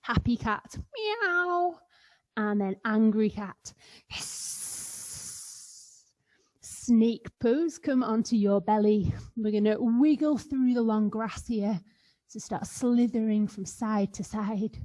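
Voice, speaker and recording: A woman's voice: on the high side, fairly even intonation, measured pace, warm tone. A woman guiding children through a playful yoga session, sometimes making animal sounds. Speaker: kids yoga teacher. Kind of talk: guided kids yoga instruction.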